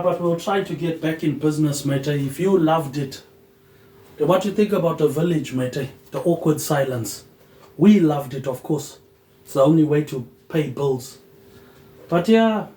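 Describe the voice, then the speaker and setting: A man hosting a solo podcast, rambling loosely with "um" pauses and dropping a low, quiet "mate" at the end of his phrases. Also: echoey room, rough recording. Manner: drifting, loosely connected talk with "um" pauses. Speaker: podcast host.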